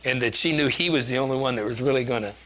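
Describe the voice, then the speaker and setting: A man's voice: medium pitch, racing, fairly bright tone. A man giving a conversational sermon, chatty and joking, laughing at himself as he preaches.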